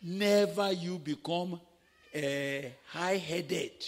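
A Nigerian man preaches in a sermon full of stories, his slightly raised voice husky at the edges. He acts out the people he quotes, dropping low and then climbing to a shout. The sound rings with the long echo of a large hall. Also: takes it slowly. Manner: dramatic, acting out quoted voices, swinging from hushed to shouting. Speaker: pastor. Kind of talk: sermon with storytelling.

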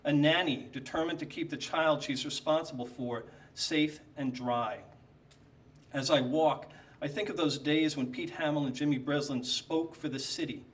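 Deadpan man reading to a hall. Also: a little high, moderate pace, recorded from a distance. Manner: dry, deadpan comic timing. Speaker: speaker at a tribute evening. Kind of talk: reading a prepared humorous tribute. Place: lecture hall.

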